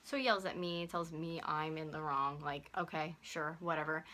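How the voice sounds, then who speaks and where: A young woman in her twenties vlogging at home, telling a story in a fast, heated way full of "like," into a camera on a stand. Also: low voice, fairly even intonation, pushed and bright. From North America. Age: 20s. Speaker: YouTuber. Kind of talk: storytime vlog.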